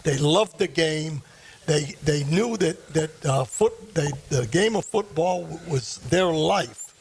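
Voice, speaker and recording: A man with a fairly high, gravelly voice asks questions thoughtfully, reflecting before he gets to the point. He co-hosts a sports radio show, and faint noise sits behind him. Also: lively intonation, takes it slowly, a little mellow. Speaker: radio co-host. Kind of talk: radio interview.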